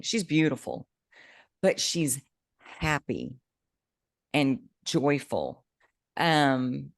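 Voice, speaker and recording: A woman co-hosting a podcast, chatting casually and telling an animated story with bursts of excitement. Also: deep voice, dry recording, clean studio sound. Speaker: podcast co-host, coach. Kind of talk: casual chat.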